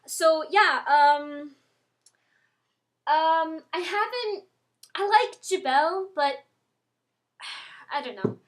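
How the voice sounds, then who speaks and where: A young woman chatting casually to her webcam, rambling with lots of ums and restarts and getting excitable. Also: very high voice, drawn-out words, long pauses. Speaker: vlogger. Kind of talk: casual chat to camera.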